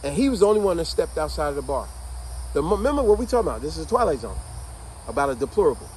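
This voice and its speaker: Animated man with a high, lively voice. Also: rapid-fire, a little hiss or hum, low-quality recording. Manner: animated, conversational, addresses listeners as y'all. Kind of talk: casual storytelling.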